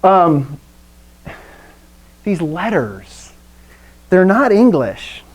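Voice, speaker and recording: Woman, chatty joking teacher on a video call, very lively pitch. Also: extremely slow, husky. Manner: lively, chatty, quizzes the class, jokes. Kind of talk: live classroom lesson.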